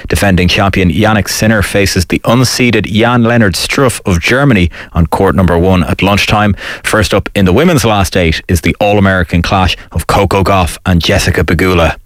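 A man reading a sports news bulletin in a steady, measured way. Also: low-pitched, no echo, studio quality. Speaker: sports newsreader.

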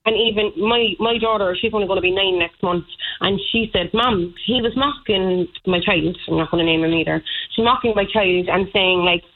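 A woman's voice: mid-range voice, fairly quick. A woman calling a radio show, upset and emphatic, with lots of fillers. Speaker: caller. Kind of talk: phone-in complaint. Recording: tinny phone line.

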